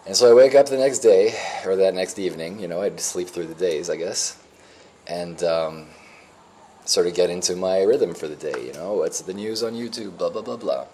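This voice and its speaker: A man's voice: sits low, moderate pace, mellow, slight background noise. A man in his forties telling a rambling, emotional personal story in a reflective, spiritual way. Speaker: vlogger.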